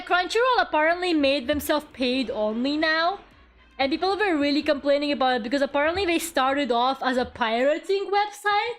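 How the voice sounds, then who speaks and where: A woman streamer chatting casually and rambling from her room, now and then swearing and talking to her viewers. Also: high-pitched. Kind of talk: casual live-stream chat. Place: her own room at home.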